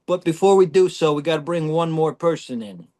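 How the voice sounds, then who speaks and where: A man hosting a comedic podcast, loud and joking with his co-hosts. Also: a little high, animated, a little fast. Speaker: podcast host.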